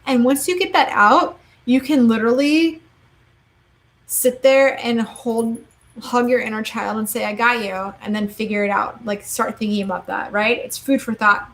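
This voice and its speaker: A young woman reading tarot cards in a casual live-stream chat, quick and chatty, saying "like" and "okay?" a lot. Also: fairly high pitch, fairly even intonation, fairly bright tone. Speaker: tarot card reader.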